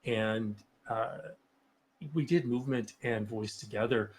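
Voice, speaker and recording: Man, podcast host, booming theatrical voice, animated, close mic. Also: measured pace, slight background noise. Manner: animated, breaks into loud shouted impressions. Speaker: podcast host and martial arts instructor. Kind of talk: casual podcast chat. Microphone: close studio mic.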